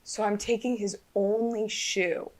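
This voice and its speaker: A woman's voice: medium pitch, steady tone, unhurried. A woman co-hosting an improvised comedy podcast, telling a story in a playful, giggly way. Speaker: podcast co-host.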